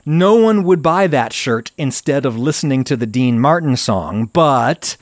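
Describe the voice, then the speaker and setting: A man giving an opinionated explanatory commentary on a video, talking in an animated way that climbs into emphatic outbursts. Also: medium pitch, measured pace, no room sound. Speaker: video essayist.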